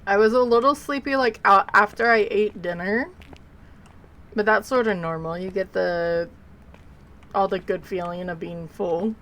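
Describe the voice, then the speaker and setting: A woman's voice: medium pitch, fairly even intonation, measured pace, a bit bright, low-quality recording. A woman streamer talking casually to her viewers while she plays, rambling and sleepy, yawning between remarks. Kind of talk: casual live gameplay commentary.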